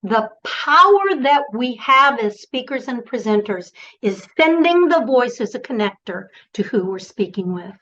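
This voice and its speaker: A woman's voice: on the high side, big pitch swings, a little slow, few pauses, bright, forceful tone, lo-fi sound. A woman coaching presenters in an online workshop, encouraging and directive, speaking over a video call.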